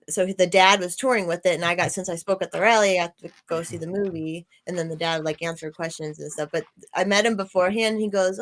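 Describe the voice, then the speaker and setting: A woman's voice: medium pitch, a bit bright. Rambling, foul-mouthed woman co-hosting a stream. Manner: rambling, swears a lot, many fillers. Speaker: stream co-host. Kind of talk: casual chat.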